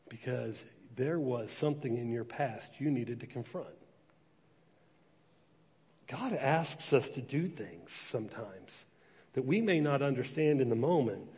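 A man's voice: on the high side, a little mellow, breathy edge. Man preaching in a reverberant hall. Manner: storytelling, conversational, quotes voices in dialogue. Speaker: pastor. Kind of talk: sermon. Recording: long reverb of a large hall.

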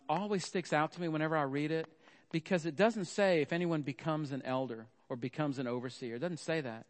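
A man's voice: medium pitch, big-room sound. A middle-aged man preaching a sermon, chatty and storytelling, with frequent "okay?" asides.

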